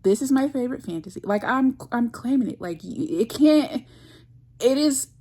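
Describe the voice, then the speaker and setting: A woman's voice: fairly high pitch, lively intonation, normal speed, dark tone. A woman chatting casually in a book vlog, effusive and gushing, full of "like" fillers. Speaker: book vlogger. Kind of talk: casual reading vlog chat.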